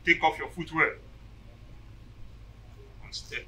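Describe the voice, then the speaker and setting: An actor playing a solemn, commanding shrine priest. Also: male voice, a little high, slow, sharp tone, distant mic, slight background noise, low-quality recording.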